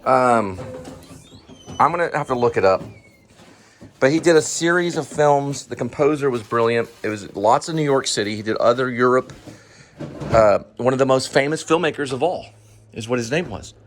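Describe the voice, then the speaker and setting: A middle-aged man talks casually at a home dinner table, wandering from point to point and searching for names he can't recall. His voice sits at an ordinary pitch. A faint hiss of background noise runs under the recording. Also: moderate pace. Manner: rambling, loses his train of thought. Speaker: vlog co-host. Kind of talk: casual home chat over a meal.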